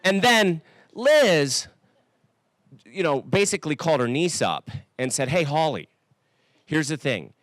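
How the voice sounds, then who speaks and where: A man introducing the next wedding speaker, joking in an unhurried way. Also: a little high, sing-song, a bit bright, no echo, studio quality. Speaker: wedding emcee.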